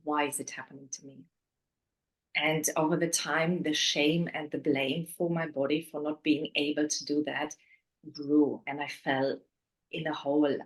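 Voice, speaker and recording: Candid woman, hushed emotional storytelling. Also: deep voice, rough recording. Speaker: guest. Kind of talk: personal storytelling in an interview.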